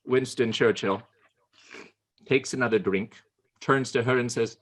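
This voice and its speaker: Husky man telling humorous anecdotes. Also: mid-range voice, steady tone. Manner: storytelling with playful pauses. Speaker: Toastmasters club speaker. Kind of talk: humorous prepared speech. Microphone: video call.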